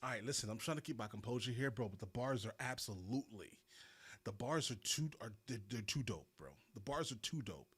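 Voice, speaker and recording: A young man streaming casual reaction commentary, excitable and rambling, saying "bro" a lot. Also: mid-range voice, fairly quick, husky.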